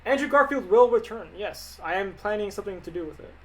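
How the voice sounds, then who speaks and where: A man's voice: sits high, expressive, fast, a little hiss or hum, poor audio. A young man streaming live as an animator, answering viewer questions in an offhand, rambling, joking way. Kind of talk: casual livestream chat answering viewer questions.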